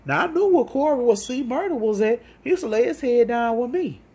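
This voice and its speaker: A woman telling a rambling personal story in a casual monologue, profane and animated, often acting out what others said. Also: a little high, fairly quick, breathy edge.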